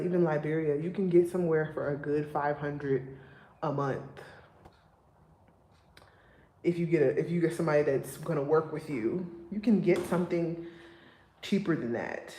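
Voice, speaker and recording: A young woman and single mom chatting casually with her viewers, emphatic and getting loud and exasperated when she vents. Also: low voice, echoey room. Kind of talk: casual livestream chat.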